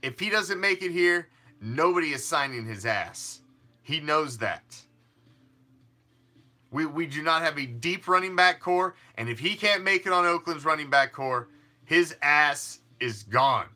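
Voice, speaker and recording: Bright-voiced, rambling fan show host. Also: male voice, fairly high pitch, lively intonation, unhurried. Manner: rambling, emphatic, frequent restarts and mild swearing. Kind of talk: casual sports talk.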